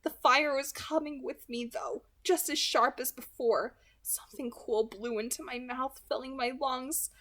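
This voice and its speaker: A young woman reads a novel aloud in a steady, earnest voice. She sits a little high in pitch and keeps an even narrating pace. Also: measured pace, few pauses. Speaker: audiobook reader.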